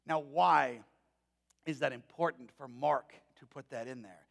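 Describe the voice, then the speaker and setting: A man's voice: medium pitch, measured pace, vocal fry, a bit bright, in a large hall. A man in his forties, a pastor preaching a sermon in a church with folksy, conversational storytelling. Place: church sanctuary.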